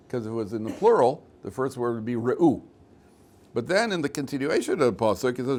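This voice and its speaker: A middle-aged man, a rabbi, telling stories with humor to a class and asking his students questions, mixing in Hebrew words. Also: medium pitch. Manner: storytelling with humor, asks the room questions; mixes in Hebrew and Yiddish words. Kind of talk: lively Torah class to students.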